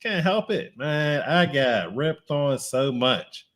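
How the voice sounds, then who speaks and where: A man's voice: a little high, expressive, slow, a bit bright. A man from the Pittsburgh area co-hosting a show, chatting casually and joking about himself over a video call. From Pittsburgh area, United States. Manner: joking, self-mocking, laid-back. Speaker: co-host.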